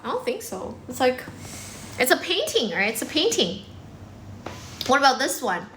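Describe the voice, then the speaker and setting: Woman livestream English teacher, casual and fast-talking, bright tone, phone mic. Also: high voice, sing-song, slight background noise. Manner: fast, chatty, many fillers, mixes in some Chinese. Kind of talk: casual livestream chat with viewers. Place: indoors, in front of a decorated background.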